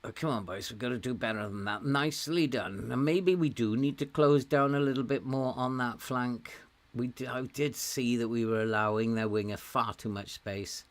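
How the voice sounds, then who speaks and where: A middle-aged man from Wales with a softened Welsh accent, chatting casually and laughing often as he streams a game to his viewers. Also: medium pitch. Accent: softened Welsh, with some American words. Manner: slow, chatty, laughs often while talking. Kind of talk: casual live-stream commentary.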